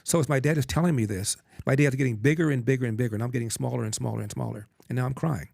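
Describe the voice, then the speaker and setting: A man's voice: mid-range voice, very fast, creaky, darkish tone, dry recording, studio quality. A man in his sixties, a guest in a conversation, telling a personal story in an earnest, emphatic way and acting out the quotes. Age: 60s.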